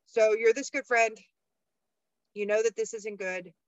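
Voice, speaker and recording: A woman's voice: a little high, fairly even intonation, measured pace, no echo. A woman co-hosting a podcast in casual chat, talking frankly and thinking aloud, swearing freely. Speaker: podcast co-host. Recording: dull lo-fi dry sound.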